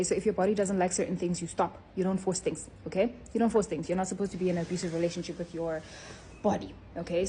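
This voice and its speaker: A woman's voice: mid-range voice, dark tone, slight background noise. A woman vlogging to her phone, blunt and scolding, ending points with a tag question. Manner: blunt, scolding, repeats "okay?" often. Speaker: health vlogger. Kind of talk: casual direct-to-camera vlog.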